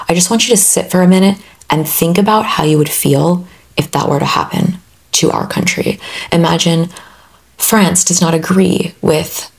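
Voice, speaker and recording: A woman's voice: low-pitched, vocal fry, darkish tone. A young American woman, a travel vlogger, answering viewer questions in an earnest, chatty way. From USA. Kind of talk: casual Q&A vlog.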